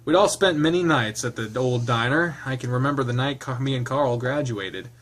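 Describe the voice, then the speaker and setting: Male game streamer, narrates the visual novel aloud, halting commentary with frequent laughs. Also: medium pitch, fairly bright tone.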